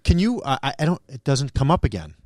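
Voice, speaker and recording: A man co-hosting a podcast in casual chat, his voice swinging lively up and down. He talks in restarts and gets riled easily, with a slightly wheezy laugh. The sound is dry and close, with a mid pitch. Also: fast, no echo. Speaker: podcast co-host. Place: radio studio.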